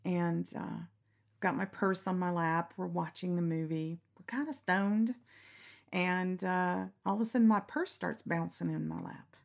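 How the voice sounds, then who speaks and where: A middle-aged woman telling candid stories in a relaxed interview, frank and quick to laugh, acting out the lines she quotes. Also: on the low side, vocal fry. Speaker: storyteller guest. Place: lying down in a quiet room.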